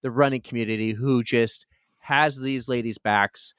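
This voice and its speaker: A man's voice: mid-range voice, fairly even intonation, moderate pace, fairly bright tone, clear, resonant tone, dry recording, studio quality. A man with a Boston accent co-hosting a casual running podcast, upbeat and rambling. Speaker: podcast co-host.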